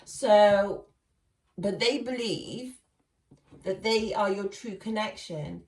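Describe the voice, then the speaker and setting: Woman, tarot reader, slow delivery, laughs often, roomy echo. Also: mid-range voice, expressive, a little mellow. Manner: chatty, laughs often, addresses viewers as guys. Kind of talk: casual tarot reading. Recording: echoey room, far from mic.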